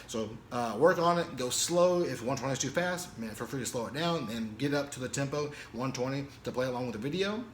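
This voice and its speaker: A man teaching snare drum parts, explaining rhythms casually and counting beats and stickings out loud. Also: mid-range voice, lively intonation, brisk, hardly any pauses, a little hiss or hum. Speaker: drum instructor. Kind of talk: casual instructional talk. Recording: echoey room with loud drumming.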